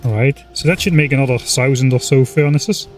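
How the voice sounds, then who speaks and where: A man of medium pitch chats casually while playing a game, thinking aloud and pausing on filler words. He speaks close to a desk microphone, with faint music playing underneath. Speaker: streamer. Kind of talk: casual gameplay commentary.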